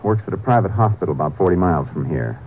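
An actor playing a calm, methodical ranger who questions witnesses and narrates the case, in 1940s radio acting on a dull old broadcast. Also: male voice, low-pitched, slight background noise. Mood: level. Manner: brisk, level questioning. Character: calm, methodical male lawman.

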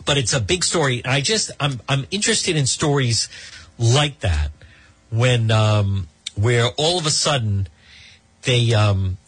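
A man's voice: mid-range voice, lively intonation, a little slow, fairly bright tone, slightly rough, dry recording. A man in his fifties giving a rambling, gossipy commentary monologue as a talk show host, with many ums and restarts.

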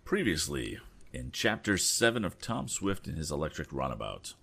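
A man hosting a storytime show, reading a classic adventure novel aloud in a relaxed, unhurried way. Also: rumbling low, vocal fry, breathy edge. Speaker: storyteller host.

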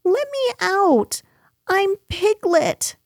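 A woman voicing a small, timid male piglet in a storybook reading, squeaky and stammering. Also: big pitch swings, very slow, no room sound, clean studio sound, exaggerated voice. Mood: indignant.

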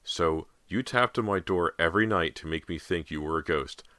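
Storybook teen girl, anxious and stubborn, shrill when pushed; a man puts her on. Bright, dry read. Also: moderate pace, dry recording. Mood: angry.

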